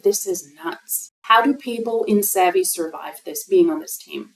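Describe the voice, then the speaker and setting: A woman's voice: mid-range voice, lively intonation, normal speed, few pauses. A German-speaking woman with a German accent, commenting on a recording in an exasperated, mocking way. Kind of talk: reaction commentary. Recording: roomy room sound.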